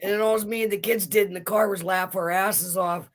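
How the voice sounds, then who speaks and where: A woman's voice: medium pitch, brisk. Middle-aged woman telling a funny family story, keeps cracking up. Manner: animated, laughs through her story. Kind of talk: casual storytelling.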